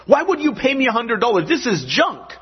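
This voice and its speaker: An indignant male bazaar merchant, put on by a man, scolds a customer in a husky voice pitched well above the speaker's own. His manner is exasperated and high-strung. The recording sounds dull and lo-fi. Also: huge pitch swings, fast talker, heavily acted.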